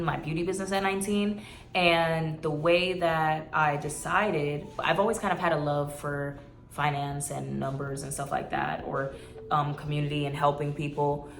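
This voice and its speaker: In a casual, heartfelt vlog, a YouTuber in her twenties talks earnestly and emotionally to her viewers, rambling as she goes. Her voice sits low and the sound is reverberant.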